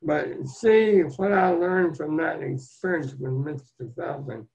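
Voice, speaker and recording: A man's voice: on the high side, takes it slowly, gravelly, a little mellow. An older man telling his life story as an interview guest, in an earnest, plain-spoken and folksy way. The recording sounds dull and lo-fi. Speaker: guest, motivational speaker.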